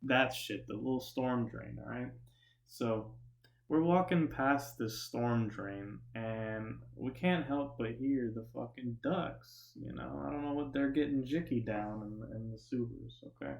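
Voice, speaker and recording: A man's voice: mid-range voice, measured pace, vocal fry, roomy sound. A young man telling a profane, rambling story with many restarts and asides. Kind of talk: casual storytelling.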